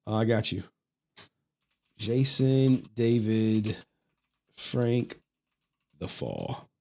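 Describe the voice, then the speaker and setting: A man's voice: lowish voice, animated, extremely slow, creaky, a little mellow. A man hosting a livestream, chatting casually in a loose, profane, joking way and laughing often. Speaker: livestream host.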